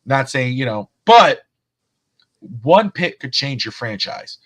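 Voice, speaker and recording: A man co-hosting a sports podcast, telling stories in a loose, animated way and swearing freely. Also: mid-range voice, slow. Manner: animated, profane storyteller. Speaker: podcast co-host. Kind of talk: casual sports chat.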